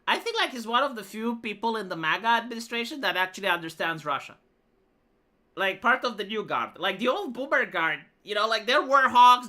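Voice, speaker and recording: A woman's voice: medium pitch, pushed and bright. A woman live streamer telling a rambling, profane story in casual chat, full of fillers and restarts. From Romania.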